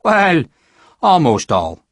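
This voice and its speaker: A man's voice: fairly high pitch, wildly swooping pitch, slow pace, no room sound, studio quality, pitched above the performer's own voice, exaggerated voice. A man doing a cocky Irish soldier. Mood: wry, amused. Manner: wry, teasing, cocky. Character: big, good-humoured Irish soldier.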